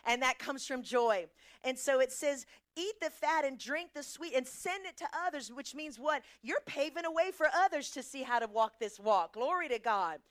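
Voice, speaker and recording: A woman's voice: high voice, lively intonation, normal speed. A middle-aged woman preaching a sermon, emphatic, asking the congregation questions and answering them herself.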